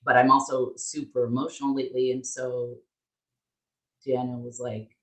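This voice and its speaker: A woman co-hosting a podcast, telling a story in an animated, candid way and swearing freely. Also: extremely low pitch, moderate pace. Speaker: podcast co-host. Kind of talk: casual storytelling chat. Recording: roomy echo.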